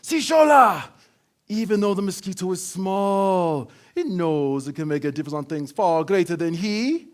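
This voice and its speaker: A man voicing his stern, wise father from Leone, speaking slowly and emphatically as if preaching. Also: high-pitched, animated, pitched above the performer's own voice. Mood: booming, preaching. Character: wise stern African father, booming and proud.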